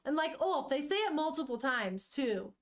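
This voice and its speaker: A woman's voice: high voice, very animated, normal speed. A woman streamer reading a manga aloud and chatting casually with her viewers, laughing often and swearing now and then.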